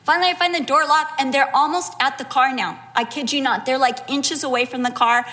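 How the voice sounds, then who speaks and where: A middle-aged woman preaching a sermon, telling a personal story with animated, acted-out quotes. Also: sits high, fairly quick.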